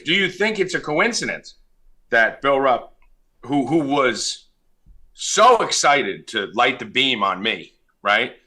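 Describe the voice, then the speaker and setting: A young man hosting a casual sports betting podcast, brash and profane, loudly ribbing his co-hosts. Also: mid-range voice. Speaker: podcast host.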